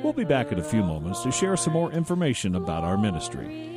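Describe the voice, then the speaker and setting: A man reading a scripted announcement for a religious program in a smooth, welcoming way. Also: lowish voice, huge pitch swings, fast talker. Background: music.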